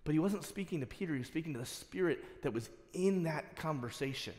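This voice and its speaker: A man's voice: on the high side, lively intonation, fairly quick, hardly any pauses, a little mellow. A male pastor delivering a sermon, passionate and building to emphatic exhortation. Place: church sanctuary. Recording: long reverb of a church hall.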